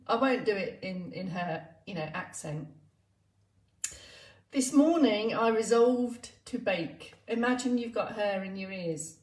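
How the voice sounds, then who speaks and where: A woman exercise instructor chatting playfully on a live stream, laughing often. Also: medium pitch. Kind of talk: live-streamed casual chat. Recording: roomy, distant sound.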